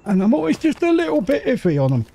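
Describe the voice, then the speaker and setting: Chatty man with lively pitch. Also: creaky. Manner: chatty, muttering to himself, quick jokes. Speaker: gaming channel host. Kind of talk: casual let's-play commentary.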